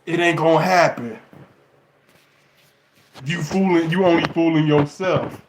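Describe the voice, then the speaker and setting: A man giving relationship advice in a casual, animated monologue to camera, mocking and laughing often. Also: a little high, measured pace, roomy sound, noisy background.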